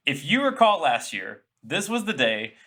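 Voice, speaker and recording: Man, podcast host, bright tone, upbeat, jokey, casual chat. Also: fairly high pitch, big pitch swings, moderate pace.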